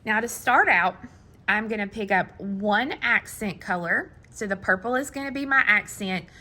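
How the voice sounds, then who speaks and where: A middle-aged woman teaching a hands-on beading tutorial, patient and step by step, sometimes counting beads quietly to herself. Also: mid-range voice. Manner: slow, patient, counting beads under her breath. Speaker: beading instructor.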